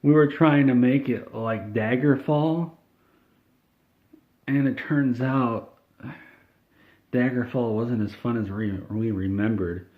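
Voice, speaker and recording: A man voicing a gloomy middle-aged male game studio boss who mumbles and whines, swinging between glum and excited. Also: mid-range voice, slow, pauses often, lightly acted. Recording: tinny phone-like sound.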